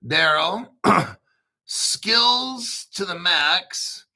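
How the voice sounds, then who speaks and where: A middle-aged crypto commentary host reads a news article aloud on his channel, slow and drawn out, in a high, sharp, bright voice. In this casual solo commentary he keeps breaking off into excitable, profane jokes and talks back to his own remarks.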